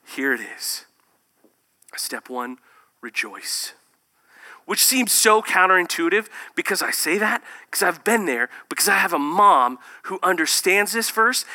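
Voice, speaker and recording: Bright-voiced male preacher, loud and hushed. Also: fairly high pitch, animated, moderate pace. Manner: swings between loud emphasis and hushed near-whispers. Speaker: pastor. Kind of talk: sermon.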